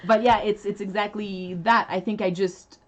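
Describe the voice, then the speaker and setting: A woman's voice: medium pitch, steady tone, normal speed. French woman co-hosting a live chat, chatty and laughing, casual. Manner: chatty, laughs often, restarts sentences. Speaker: livestream co-host.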